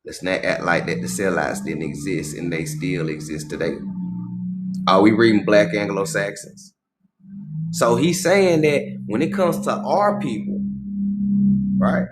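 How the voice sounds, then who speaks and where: Man, livestream host, reads a passage aloud, breaks in with casual slangy comments, mid-pitched voice.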